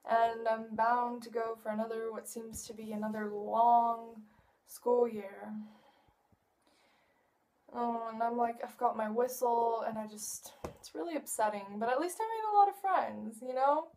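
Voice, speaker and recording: Teen girl rambling on in a video msg to her friend, kinda high voice, a bit far off the mic. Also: darkish tone. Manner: chatty, rambling, quick to laugh. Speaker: vlogger addressing a friend. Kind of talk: casual video message.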